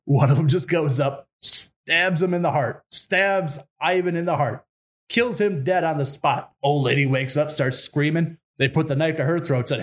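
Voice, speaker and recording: Brief: slightly high-voiced man, podcast co-host spinning a folk tale with crude jokes. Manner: irreverent, swears, fast retold dialogue. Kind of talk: casual comic storytelling.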